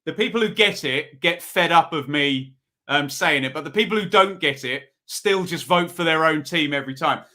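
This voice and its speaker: A man's voice: fairly high pitch, moderate pace, bright, forceful tone. A man hosting a live football review show, chatting casually and reading out viewer votes. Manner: chatty, reads out viewer comments, pleading. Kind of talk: casual live-stream commentary.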